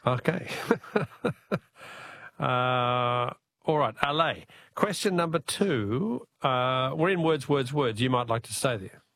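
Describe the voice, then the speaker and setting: A man's voice: medium pitch, animated, slow, fairly bright tone, dry recording. A man with an Australian accent hosting a late-night radio phone-in quiz, genial and chatty as he reads out listener texts.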